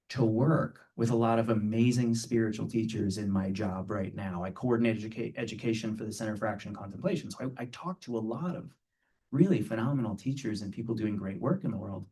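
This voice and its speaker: Warm low-voiced man giving a talk. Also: fairly quick, recorded from a distance. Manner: playful, earnest, with frequent rhetorical "right?". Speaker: spiritual teacher giving a talk. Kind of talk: conversational spiritual talk to a live audience.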